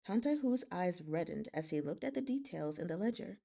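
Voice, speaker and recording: A woman's voice: lowish voice, lively intonation, fairly quick, gravelly, hardly any pauses, dark tone. Giggly woman reading a novel live. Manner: giggly, chatty between readings. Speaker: narrator and live-stream host. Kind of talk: live read-aloud of a novel with chat.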